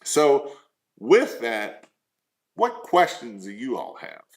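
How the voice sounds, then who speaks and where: Guy coaching business owners live, slow unhurried talk, lots of rhetorical questions, mid pitch. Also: wildly swooping pitch. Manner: earnest, repetitive, rhetorical questions.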